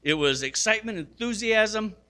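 An older man, a grandfather, preaching a sermon with animated storytelling, acting out quotes and poking fun at himself. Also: high voice, normal speed. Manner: self-deprecating. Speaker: pastor.

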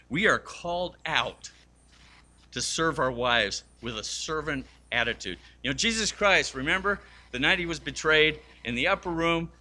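A man's voice: fairly high pitch, bright, forceful tone. A man preaching a sermon, telling stories and acting out the voices of the people in them. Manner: storytelling, acts out quoted voices. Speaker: pastor.

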